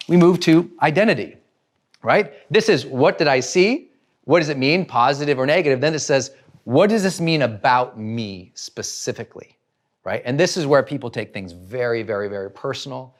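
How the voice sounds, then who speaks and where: A man giving a motivational talk as a personal growth trainer, animated and asking rhetorical questions. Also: mid-range voice. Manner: animated, asks rhetorical questions and acts out examples.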